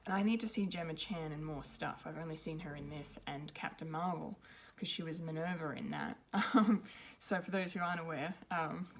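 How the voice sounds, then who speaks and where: A woman's voice: deep voice, normal speed, hardly any pauses, a little hiss or hum. A woman giving an unscripted film review, rambling and hesitant, with many ums and restarts. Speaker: pop culture reviewer.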